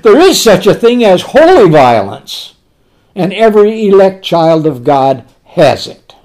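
A man preaching a sermon. He poses rhetorical questions and answers them himself, and slows to a soft voice on tender words. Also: high voice, big pitch swings.

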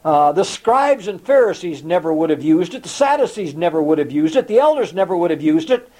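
A man preaching a sermon, reading scripture aloud and explaining it, with a slow, dramatic delivery that sometimes drops to a near whisper. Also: fairly high pitch, sing-song, a little mellow, rough recording. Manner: reads quotations in old-fashioned scripture wording.

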